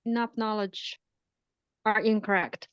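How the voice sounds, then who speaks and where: A woman's voice: medium pitch, fairly even intonation, measured pace, smooth. A woman taking part in an online workshop, tentative in how she offers her ideas. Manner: tentative, starts with "um". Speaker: workshop participant. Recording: muffled lo-fi call audio.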